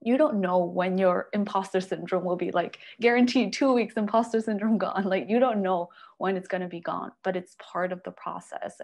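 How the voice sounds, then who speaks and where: A woman's voice: medium pitch, a little mellow. Reflective woman podcast host. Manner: reflective, affirming. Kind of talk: reflective conversation and read promo.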